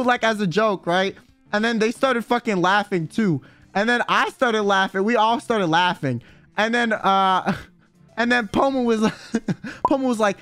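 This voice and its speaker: High-voiced man with a dry, close sound, telling a lively, profane story on stream. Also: normal speed, no room sound, soft background music. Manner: swears freely, slangy, acts out quotes. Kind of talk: animated casual storytelling.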